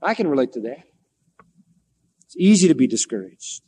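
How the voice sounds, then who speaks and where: A man preaching a sermon in a lively storytelling manner, acting out the quoted lines. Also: medium pitch, moderate pace, slightly rough, big-room sound.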